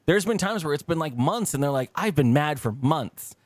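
A man co-hosting a casual podcast chat, rambling and swearing, his pitch jumping high when he quotes himself. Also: very animated, measured pace, no echo. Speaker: podcast co-host.

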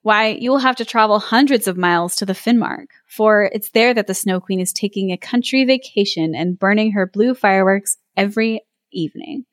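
Woman, podcast host, fairy tale read-aloud, playful character voices, mid pitch, dry close sound. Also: brisk, hardly any pauses, no echo. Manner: reads with playful voices and laughs. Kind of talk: storybook read-aloud with chat.

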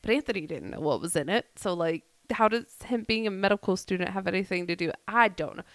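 A woman's voice: mid-range voice, animated, quick pace, dry recording. A woman, co-hosting a podcast and telling a wild story in a jokey, laughing way. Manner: laughing, jokey retelling with quoted voices. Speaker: podcast co-host. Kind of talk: casual storytelling chat.

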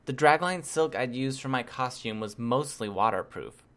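A man narrating a first-person novel chapter in a steady, measured reading voice. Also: mid-range voice. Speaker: audiobook reader.

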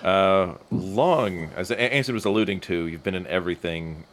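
Deep-voiced male co-host, casual, rambling, self-deprecating. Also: moderate pace. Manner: rambling, restarts questions, laughs at himself. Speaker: podcast co-host. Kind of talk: casual chat.

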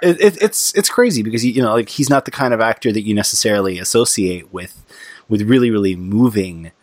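A man hosts a podcast, asking his guest questions in an easy conversational tone. He has a lowish voice, and the close recording sounds dry with no room echo. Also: lively intonation, a little fast. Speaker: podcast host. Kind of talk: casual interview.

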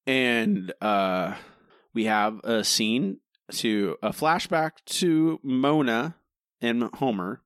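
A man's voice: mid-range voice, extremely slow, no echo. Exasperated male podcast co-host. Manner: animated, exasperated, laughs often. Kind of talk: casual chat.

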